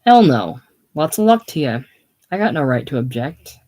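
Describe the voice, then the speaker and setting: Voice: mid-range voice, big pitch swings, moderate pace, mellow. Reader doing young garage guy, early 20s, plain talking, friendly, bit tight. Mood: reassuring. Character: young small-town garage man, about 21.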